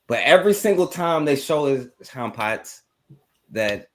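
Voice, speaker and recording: A man's voice: mid-range voice, very animated, a little slow. A man co-hosting a casual talk radio show, heated and emphatic, cussing as he makes his point. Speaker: co-host.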